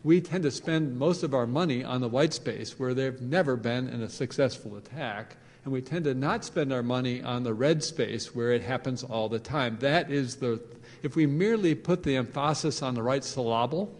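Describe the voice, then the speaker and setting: Guy giving a conference talk, lively with little jokes, hall echo ringing behind him. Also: mid-range voice, moderate pace, hardly any pauses. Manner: animated, joking asides, repeats phrases for emphasis. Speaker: conference speaker. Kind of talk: conference presentation. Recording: long reverb of a large hall.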